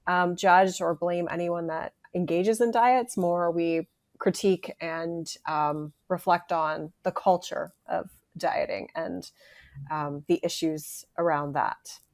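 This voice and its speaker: Slow, low-voiced woman co-host. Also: fairly even intonation, dry recording, clean studio sound. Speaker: podcast co-host. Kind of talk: casual podcast chat.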